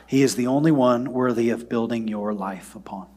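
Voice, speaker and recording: A man preaching a sermon, moving between loud, emphatic passages and soft, near-whispered prayer. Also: medium pitch, normal speed. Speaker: pastor.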